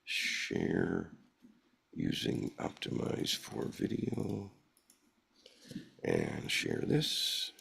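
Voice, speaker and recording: A man with a nasal voice leading a Torah study and explaining a painting, with an occasional self-correction, speaking into a computer mic at home. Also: low-pitched. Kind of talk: art talk presenting a Torah portion.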